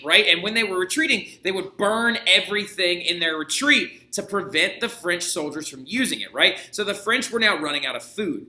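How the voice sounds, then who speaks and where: A man's voice: on the high side, bright, forceful tone. A man teaching a history lesson in a casual, jokey way, checking in with his students again and again. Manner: casual, jokey, keeps asking "right?". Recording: echoey room.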